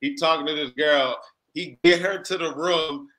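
A man's voice: a little high, steady tone, normal speed, sharp tone, low-quality recording. A man co-hosting a comedy podcast, cutting in with incredulous questions. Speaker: podcast co-host. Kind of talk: comedic debate banter.

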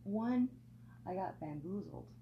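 A woman's voice: medium pitch, lively intonation, slow pace. A woman arguing in a heated casual conversation, frustrated and swearing a lot, often cutting in. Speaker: friend in conversation. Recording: muffled lo-fi recording with faint hum.

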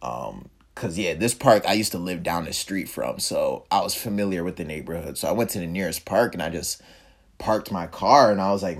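A man's voice: low-pitched, moderate pace, gravelly, slightly rough. A young man telling a personal story in casual speech, reflective and sometimes emphatic. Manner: casual and reflective, quiet dips and emphatic rises. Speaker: vlogger.

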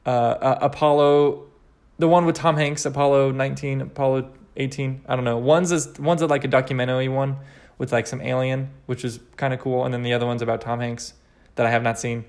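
A young man from Kansas hosting a solo podcast, rambling and sarcastic in an animated way. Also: medium pitch. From Kansas, United States. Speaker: podcast host.

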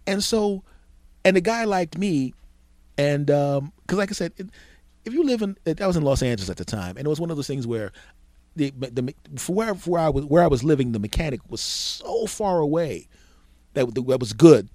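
A man's voice: fairly high pitch, animated, normal speed, darkish tone, no echo, clean studio sound. A man hosting his own podcast, telling a comic story in a loose, swearing style and acting out the people in it. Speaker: podcast host. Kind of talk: solo comedic storytelling podcast.

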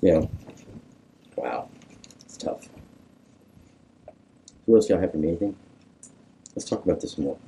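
A male pastor, preaching conversationally and drawing answers from a small group, animated and emphatic. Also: low-pitched, normal speed, gravelly, pauses often, slight background noise, poor audio. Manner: animated, coaxing, rises to emphatic peaks. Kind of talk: conversational sermon with group discussion.

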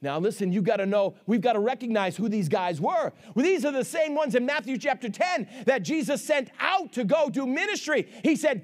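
A man preaching a sermon with fervor, swinging between shouts and hushed asides and calling on the congregation for amens. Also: very high voice, lively intonation, a little fast, few pauses. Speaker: pastor.

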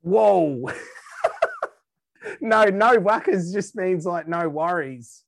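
A man's voice: high voice, very slow, gravelly, no room sound, studio quality. A man with an Australian accent chatting casually as a podcast guest, laid-back and laughing often, trailing off and restarting his sentences. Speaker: guest musician.

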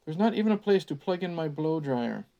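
A spoiled, fussy teenage girl complains in a haughty tone, as a man reading aloud puts her on. The voice sits slightly high. It comes across as a casual storybook reading. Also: lively intonation, fairly quick, gravelly, mellow, muffled recording. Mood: complaining.

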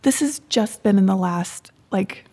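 A woman with a very husky, gravelly voice and a dark, mellow tone, hosting an intimate podcast conversation. She talks gently and warmly affirms her guest. She often sinks into a soft whisper. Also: mid-range voice, animated, unhurried. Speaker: podcast host. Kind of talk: heartfelt conversation.

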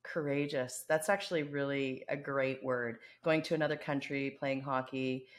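A woman's voice: rumbling low, fairly even intonation, moderate pace. A woman with a Canadian accent co-hosting a podcast in casual, teasing chat. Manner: teasing, chatty, many fillers. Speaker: co-host.

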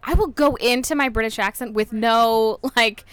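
A young female comedian chats casually on a podcast. She giggles often and throws in quick, animated asides. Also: on the high side, clean tone, no room sound. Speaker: comedian guest.

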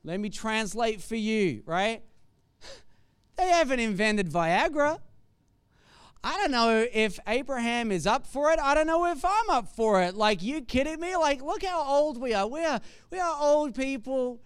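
Man, preacher, sermon, very high voice, conversational, jokey, dry sound. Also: big pitch swings, unhurried, smooth, dry recording.

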